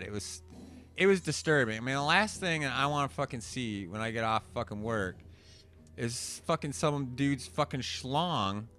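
A young man telling a profane story in animated rants while commentating a card game. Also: mid-range voice. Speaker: gameplay commentator. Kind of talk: casual storytelling over gameplay.

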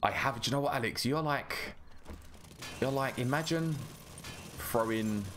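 A man's voice: mid-range voice, unhurried, noisy background. A man rambling and chatting with an easy laugh while he gives casual gameplay commentary as a gaming YouTuber.

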